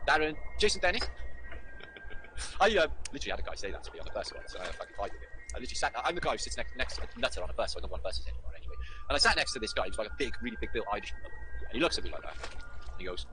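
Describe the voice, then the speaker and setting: A man's voice: fairly low pitch, sing-song, racing, background noise. A British man hosting a casual livestream, greeting viewers by name and rambling in a sweary, affectionate way. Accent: British English. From Britain. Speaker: livestream host. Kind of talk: casual livestream chat reading out viewer names.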